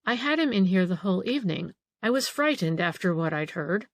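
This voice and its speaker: A woman's voice: on the low side, animated, fairly quick, dry recording, clean studio sound, natural voice. A woman voicing a frightened middle-aged female housekeeper in an audiobook, anxious and eager to please. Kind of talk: audiobook character reading.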